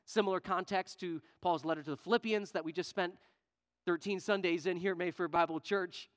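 High-voiced pastor preaching with swings in volume. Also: male voice, steady tone, a little fast. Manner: dynamic, swings from loud emphatic questions to quiet asides. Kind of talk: sermon. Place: church sanctuary.

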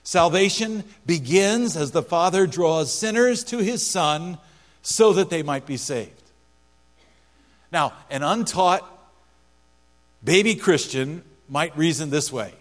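A man preaching a Sunday sermon in a church, his voice pitched a little high and landing firmly on each repeated phrase. The sound rings with long hall reverb, and a faint electrical hum runs underneath. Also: expressive, slow pace. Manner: emphatic, repeats key phrases for stress. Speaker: pastor.

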